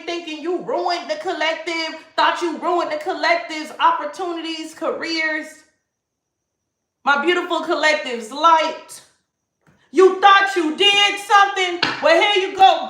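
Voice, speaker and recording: A woman giving a livestream tarot reading, talking in an animated, sassy way and often breaking into laughter. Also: very high voice, echoey room. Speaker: tarot reader.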